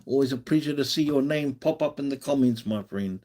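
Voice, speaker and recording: A man's voice: mid-range voice, fairly quick, warm tone. An Australian man hosting a live stream, chatting casually and encouragingly, often restarting his sentences.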